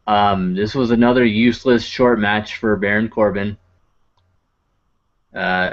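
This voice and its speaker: A man co-hosting a podcast, recapping a show in casual, rambling chat full of fillers and wry asides. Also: lowish voice. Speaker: podcast co-host. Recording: dull lo-fi podcast audio.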